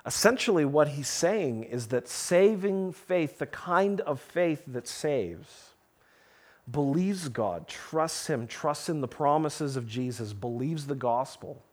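Man, pastor, sermon, earnest, emphatic pauses, fairly high voice. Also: animated. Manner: earnest, explaining scripture with slow emphatic pauses.

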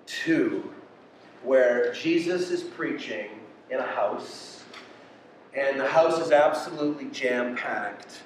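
A man preaching a sermon with passion, swinging between quiet and loud delivery. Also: mid-range voice, a little hiss or hum. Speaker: pastor. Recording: echoey room from far off.

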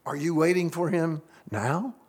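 A middle-aged man preaching in a church, his voice sitting notably high for a man. He delivers his sermon earnestly and keeps turning to the congregation with questions. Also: a little slow, breathy edge. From United States. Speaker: pastor.

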